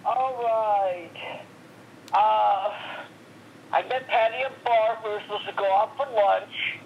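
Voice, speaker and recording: A tired woman calling in on the phone, speaking haltingly, repeating words and sounding aggrieved. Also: mid-range voice, vocal fry, a little hiss or hum. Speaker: phone-in guest. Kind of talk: casual phone chat. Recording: dull phone line.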